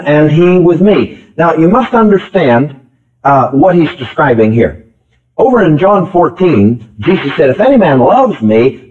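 On a tinny, phone-like old tape recording, a man with a fairly high voice and darkish tone preaches an emphatic sermon. He repeats key phrases and calls out questions to the congregation.

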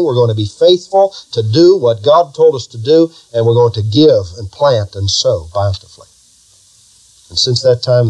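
High-voiced preaching pastor. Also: male voice, a little mellow, rough recording. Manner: preaching with rising emphasis and repetition, leading call-and-response. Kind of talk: sermon.

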